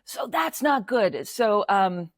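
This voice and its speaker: American female co-host, mid-pitched, blunt and profane, close dry mic. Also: sing-song, slow, no room sound. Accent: American English. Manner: blunt, swears freely, exasperated rants. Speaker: podcast co-host. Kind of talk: casual political chat.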